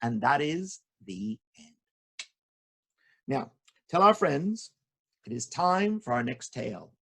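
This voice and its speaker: A man telling folk tales to children in a playful, jokey, expressive way. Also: mid-range voice, slow, creaky. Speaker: children's storyteller. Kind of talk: animated storytelling for children.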